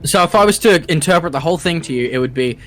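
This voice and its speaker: A man's voice: fairly high pitch, animated, fast talker, a bit bright, soft background music. A man co-hosting a casual commentary podcast, explaining things in a laid-back way and swearing casually. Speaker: podcast co-host.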